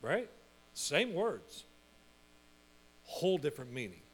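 A middle-aged man preaching a sermon as pastor, lively and emphatic, building points through repetition. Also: a little high, measured pace, pauses often, slight background noise.

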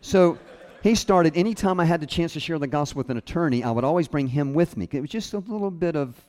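A man's voice: a little high, quick pace. A man preaching a sermon, telling a personal story and acting out the people in it as he quotes them. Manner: storytelling with lively quoted voices. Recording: long hall reverb.

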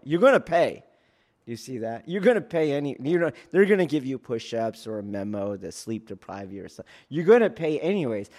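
A man, a police academy instructor, explaining training in a casual teaching talk, checking in often with his listeners and acting out loud shouts. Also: medium pitch. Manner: keeps checking in with "do you see?"; acts out trainees and yelling officers in sudden loud bursts.

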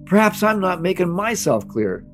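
A man's voice: high-pitched, very animated, normal speed, faint music behind, pitched above the performer's own voice, full character voice. A man voicing a furious woman commander. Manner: shouting, impatient, profane. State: out of breath. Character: fierce female field commander barking orders.

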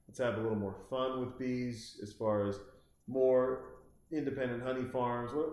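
A man's voice: mid-range voice, fairly quick, darkish tone. Man, host, casual comic rambling, profane, frequent restarts, very echoey room.

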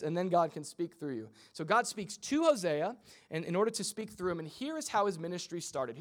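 A young man preaching a sermon in a casual, humorous way, acting out quick voices as he goes. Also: on the high side. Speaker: pastor.

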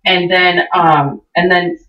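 On a podcast, a woman co-host tells a long, profane, rambling story in casual chat. Her voice is fairly low and steady, and she takes it slowly. The recording sounds roomy, distant, dull and lo-fi.

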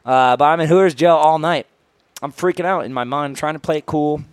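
A man's voice: on the high side, brisk, clean tone, no echo, studio quality. A young man, a podcast co-host, insistently telling a story to friends in casual chat. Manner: insistent, keeps retelling his story in order.

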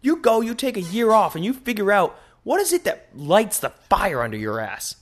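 A man hosting a solo podcast, rambling in an animated, profane way into a microphone. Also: high voice, moderate pace. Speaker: podcast host.

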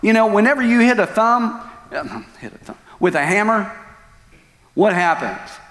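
Pastor guy preaching, big swings loud to quiet, long church echo. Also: sits high, expressive, normal speed. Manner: dramatic storytelling, swings from loud outbursts to hushed lines. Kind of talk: sermon. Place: church sanctuary. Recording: long church hall reverb.

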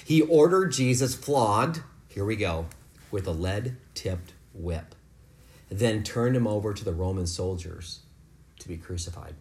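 A man leading a home Bible lesson for his kids, explaining scripture in a relaxed, conversational way. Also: on the low side, a little slow. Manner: rises to loud, fervent preaching, then talks softly and warmly with kids. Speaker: father leading a family devotion. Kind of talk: preaching to children at home.

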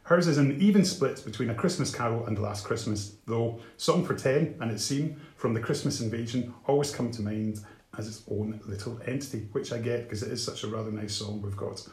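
A man's voice: medium pitch, a little fast, a little mellow. Man co-hosting a podcast in an echoey room. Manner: informative, reads out listener replies. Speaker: podcast co-host. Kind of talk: casual chat.

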